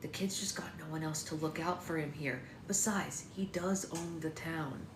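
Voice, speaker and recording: A woman's voice: low-pitched, expressive, brisk, a bit bright, reverberant, slight background noise. A woman voicing an earnest, scruffy middle-aged local man who pleads for a friend, in a read-aloud of her novel. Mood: calm.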